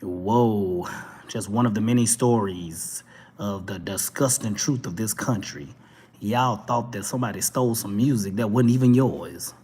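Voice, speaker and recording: A Texan man hosting a talk show, delivering an animated, preachy monologue with mocking asides. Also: on the low side, a little slow, slightly rough, big-room sound. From Texas. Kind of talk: opinionated monologue.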